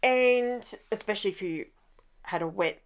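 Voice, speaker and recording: A woman's voice: mid-range voice, normal speed. A woman hosting a crafting video, chatting casually as she works and often wandering off track. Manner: rambling, self-interrupting, chatty. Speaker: crafting channel host.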